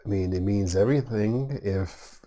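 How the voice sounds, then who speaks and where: A man taking part as a player in a tabletop game, with a voice lower than most men's. He stammers and restarts as he works through his thoughts. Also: warm tone. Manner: halting, stammering. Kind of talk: casual tabletop play.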